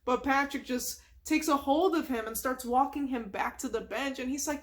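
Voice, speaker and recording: A woman's voice: sits high, normal speed, hardly any pauses. A woman retelling a cartoon episode from memory in a chatty ASMR style, full of asides. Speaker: ASMR storyteller.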